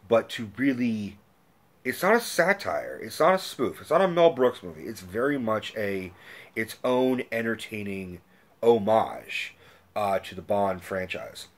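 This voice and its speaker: A man ranting casually about movies, excitable and profane, rambling with frequent restarts and fillers. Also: on the low side. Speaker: movie reviewer. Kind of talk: casual rant.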